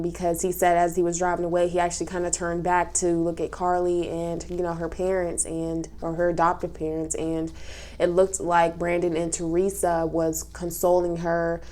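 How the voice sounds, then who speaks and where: Woman, low-pitched voice, tearful and sniffling, casual recap vlog, many fillers. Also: completely flat delivery, normal speed, warm tone. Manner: emotional, talks through tears, many fillers. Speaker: recap vlogger.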